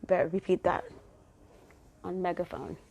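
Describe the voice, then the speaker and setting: In a fairly low, warm, slightly rough voice at a measured pace, this podcast host delivers a casual solo monologue, speaking affectionately and cheering her listeners on.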